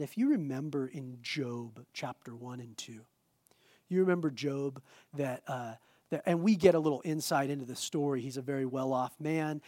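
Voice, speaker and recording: A male preacher delivering a sermon in a chatty, animated manner. He mixes self-mocking jokes with earnest points, and his slightly high voice is recorded close and dry. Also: dry recording. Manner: animated, conversational, self-deprecating humor. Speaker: pastor.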